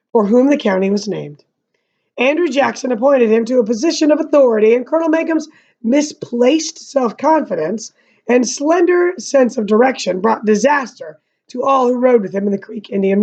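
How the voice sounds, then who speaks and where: Young woman reading a book out loud for class, kinda high voice, muffled lo-fi sound, chatty asides between passages. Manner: casual asides between reading, slightly monotone narration. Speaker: teacher reading a novel aloud. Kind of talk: read-aloud with commentary.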